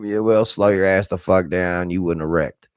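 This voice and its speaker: Deep-voiced, profane, hoarse man rambling. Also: normal speed, dry recording, studio quality. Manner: profane, blunt and animated. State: slightly hoarse. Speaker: live streamer. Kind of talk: rambling casual storytelling.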